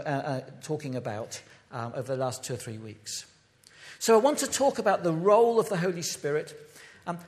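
A man's voice: on the high side, big-room sound. A man from the United Kingdom giving an impassioned sermon as a pastor, recorded in a church. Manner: impassioned, emphatic preaching.

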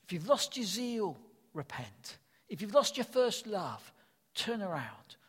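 A man's voice: sits high, sing-song, measured pace, breathy edge, in a large hall. An older man preaching a sermon, earnest and emphatic, repeating his key phrases.

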